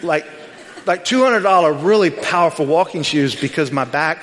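A middle-aged man preaching a sermon, telling a personal story with lively quoted dialogue. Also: fairly high pitch, normal speed, slight background noise. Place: church sanctuary. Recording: long hall reverb.

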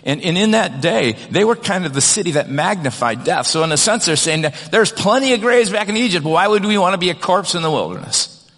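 A man's voice: high voice, animated, a little fast, a bit bright, big-room sound. A man delivering a sermon as pastor, talking in a conversational way with frequent restarts and reading scripture aloud. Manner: conversational preaching with many restarts and "kind of".

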